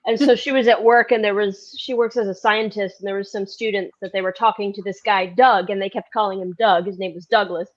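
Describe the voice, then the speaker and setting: A woman's voice: mid-range voice, steady tone, a little fast, few pauses, dull audio. A woman chatting on a livestream, telling a casual story.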